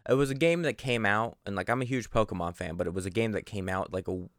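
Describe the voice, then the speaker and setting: A man's voice: lowish voice, fast talker, dry recording, clean studio sound. A young man telling rambling stories in a casual podcast chat, swearing freely. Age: young adult. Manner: rambling, animated storyteller who swears freely.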